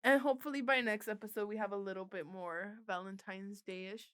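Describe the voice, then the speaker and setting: A woman's voice: medium pitch, steady tone, fairly bright tone, smooth. A woman co-hosting a podcast in casual chat, giggling often and tossing in teasing remarks. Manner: giggly, quick teasing interjections. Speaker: podcast co-host.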